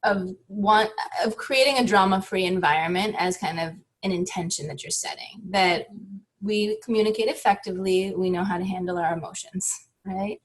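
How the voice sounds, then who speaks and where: A woman's voice: mid-range voice, moderate pace. A woman in her thirties, a therapist and author, talking reflectively and animatedly in a podcast interview, laughing often.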